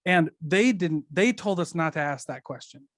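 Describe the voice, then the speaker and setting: A man's voice: a little high, expressive, moderate pace, no room sound. A man chatting casually as a podcast guest, rambling and leaning on fillers as he talks. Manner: rambling, filler-heavy, laughs often. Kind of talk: casual conversational chat.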